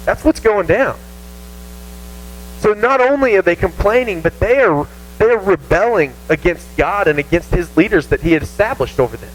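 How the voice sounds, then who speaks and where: High-voiced Southern youth preacher. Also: male voice, normal speed, a little hiss or hum, rough recording. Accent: Southern American. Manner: animated, self-mocking, acts out whiny voices. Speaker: youth pastor. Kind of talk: casual youth sermon. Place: church youth room.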